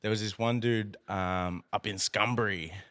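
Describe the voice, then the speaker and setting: Animated man telling a story. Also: fairly low pitch, moderate pace. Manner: swearing, animated storytelling with acted quotes. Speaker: podcast guest. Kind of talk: casual chat, storytelling.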